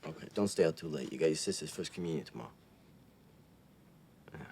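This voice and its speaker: Gruff, protective father; very deep, gravelly, low-key banter. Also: animated, quick pace, darkish tone, slight background noise, full character voice. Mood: fatherly. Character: gruff working-class father, dry and protective. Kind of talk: film drama dialogue.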